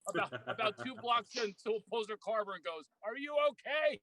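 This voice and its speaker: A middle-aged comedian chatting over a video call from outside on a golf course. He tells self-mocking stories with quick laughs, in a high, bright voice. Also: no room sound, low-quality recording. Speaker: guest comedian. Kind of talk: casual chat.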